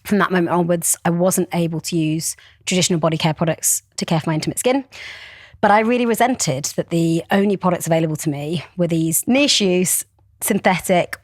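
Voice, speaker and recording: A woman's voice: on the low side, brisk, no echo, studio quality. A woman, a brand founder speaking passionately and articulately as a podcast guest. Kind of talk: podcast interview.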